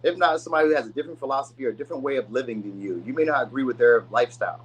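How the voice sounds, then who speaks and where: A man's voice: mid-range voice, very fast, slightly rough, low-quality recording. A man giving a casual tarot reading to camera, rambling and chatty with lots of asides, sometimes acting out the people he describes. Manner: loose, rambling, chatty delivery with many asides; acts out quoted people in voices. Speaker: tarot reader.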